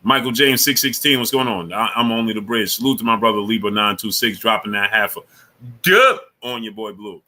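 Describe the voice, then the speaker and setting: A man's voice: on the low side, fairly even intonation, fairly quick, pushed and bright. A man hosting a casual sports talk livestream, speaking in loose slang and greeting viewers from the super chat between his takes.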